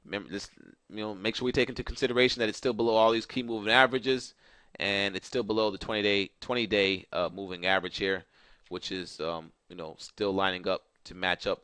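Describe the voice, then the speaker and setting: A man's voice: on the low side, steady tone, fairly quick, a bit bright, clear, resonant tone, no echo. A man giving a casual stock market recap over charts, talking loosely with many fillers and repeated phrases. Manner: loose, repetitive, filler-heavy chart talk. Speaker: market analyst host.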